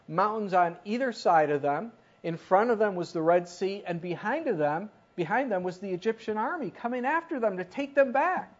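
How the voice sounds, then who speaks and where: A preacher delivering a sermon, with a voice that climbs and falls across a wide range as the points land. The delivery is animated, full of questions thrown out to the congregation. The recording is dull and lo-fi. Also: medium pitch, normal speed, hardly any pauses. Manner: animated, asks the listeners questions.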